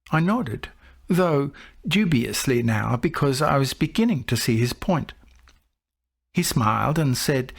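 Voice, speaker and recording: A middle-aged man reading his own book aloud in a reflective, measured storytelling voice. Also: mid-range voice, expressive, breathy edge. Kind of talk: audiobook narration.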